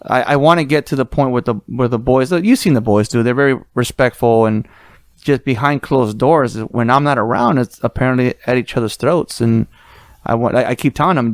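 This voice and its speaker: A man co-hosting a casual podcast chat, talking in a relaxed, slangy way about his kids. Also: medium pitch, brisk, no echo, studio quality. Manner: relaxed, slangy, says bro and dude. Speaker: podcast co-host.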